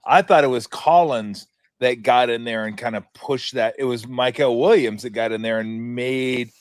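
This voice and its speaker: A man hosting a sports talk show, telling stories in a lively, chatty way with quick asides and frequent laughs. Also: mid-range voice, no echo. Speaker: sports radio host.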